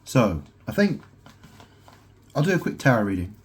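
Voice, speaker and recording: At home in his house, a man vlogging alone talks in a husky, mid-range voice at a normal speed, his pitch swinging widely. His monologue rambles and wanders through wordplay, punctuated again and again by "right?"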